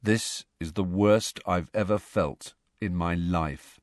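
A man's voice: mid-range voice, expressive, moderate pace, no room sound, clean studio sound, natural voice. A man doing a mumbling, gloomy teenage boy wizard. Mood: miserable. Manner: mumbling, dull.

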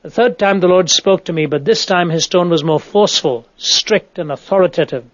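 A man with a fairly high voice reads a nonfiction audiobook aloud. His delivery is measured and earnest, close to the mic on a dry recording with little room sound. The audio is a bit dull and lo-fi. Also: no echo. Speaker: audiobook narrator.

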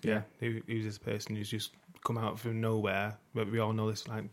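A man's voice: on the low side, completely flat delivery, moderate pace. A man, a podcast co-host in casual chat, laughing easily between points.

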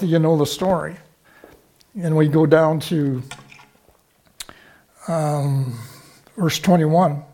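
High-voiced male preacher. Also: darkish tone. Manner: teaching, with frequent rhetorical check-ins to the congregation. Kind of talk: sermon.

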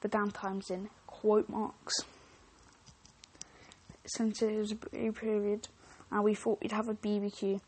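A woman's voice: mid-range voice, monotone, unhurried, darkish tone, husky. A woman podcast host reading online stories aloud, with chatty, joking asides and frequent self-interruptions.

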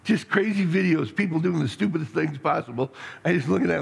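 A middle-aged man preaching a sermon as pastor, rambling and excitable, with many restarts and stammers. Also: fairly high pitch, fast, creaky, slightly rough. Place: church sanctuary. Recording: long reverb in a hall.

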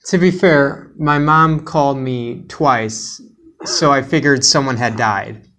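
A man's voice: mid-range voice, slow pace, sharp tone, slight background noise. A man hosting a casual podcast, joking and telling playful stories. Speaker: podcast host.

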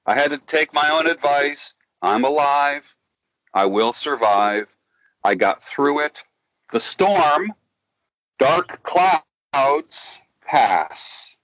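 A man speaking as an interview guest, giving life advice in a slow, emphatic, preacherly way with lots of repetition. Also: on the high side, fairly bright tone, breathy edge, dry recording, muffled recording. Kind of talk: interview, motivational talk.

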